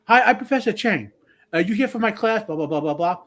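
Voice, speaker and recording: A man's voice: high voice, expressive, a little fast, fairly bright tone, voice pushed up. A man voicing a strict male engineering professor with a heavy foreign accent and clipped, broken phrasing. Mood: mock-stern.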